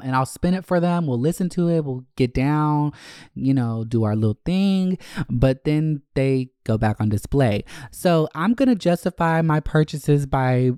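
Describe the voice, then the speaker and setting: A man talking freely and profanely as the host of his own podcast, rambling and correcting himself as he goes. His tone is clean and resonant, and it spikes up high when his feelings take over. The recording is dry and close, with no room sound. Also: lively intonation, normal speed, warm tone, clear, resonant tone, no room sound. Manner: candid and profane, with sudden high-pitched bursts of emotion; rambling, with frequent fillers and self-corrections. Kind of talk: casual solo podcast chat.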